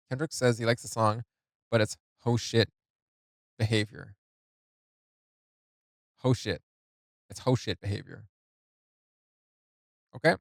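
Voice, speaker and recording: A man's voice: mid-range voice, dry recording. Man reacting to a rap track, dry close sound. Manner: halting, many fillers, reads lyrics and notes aloud. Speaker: music reaction host. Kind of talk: casual reaction commentary.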